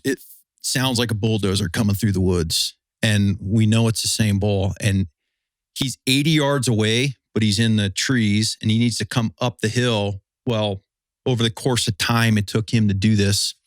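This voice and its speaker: A man hosting a podcast, telling a hunting story in relaxed, casual chat. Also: fairly low pitch, normal speed, no room sound, clean studio sound. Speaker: podcast host.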